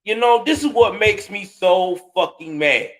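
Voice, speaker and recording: Host, male, high-pitched, profane and scornful ranting with sudden loud spikes. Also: lively intonation, a little slow. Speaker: commentary show host. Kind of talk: heated live reaction commentary.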